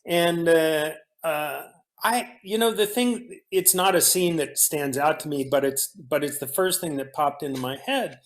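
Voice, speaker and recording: A man, an actor guest, telling animated stories from a film set, often restarting his sentences. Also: on the high side, measured pace. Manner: animated storyteller, frequent restarts. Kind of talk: casual storytelling in a conversation.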